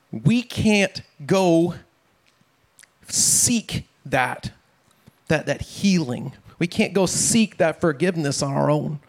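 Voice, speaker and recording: A middle-aged pastor with a somewhat high voice preaching in a relaxed, conversational way. He stumbles over and repeats words and keeps checking in with his listeners. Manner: conversational, repeats words, asks "right?" often. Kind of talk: casual sermon with family stories.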